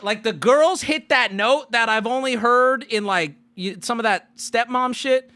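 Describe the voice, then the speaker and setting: A man streaming to his chat, telling a travel story in a lively way and jumping into squeaky put-on voices for the people he quotes. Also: measured pace, heavy background noise. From United States. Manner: lively, swings into high squeaky voices when quoting people.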